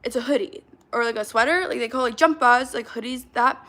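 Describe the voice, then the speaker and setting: A young woman livestreaming, chatting fast and reading out comments from her chat. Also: fairly high pitch, pushed and bright. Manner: chatty, hyper, reacts to comments, fillers of like.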